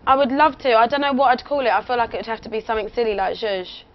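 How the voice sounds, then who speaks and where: On muffled lo-fi audio with faint noise, a young woman from England chats as a radio interview guest. Her fairly high voice comes rapid-fire, rambling and giggly, full of fillers.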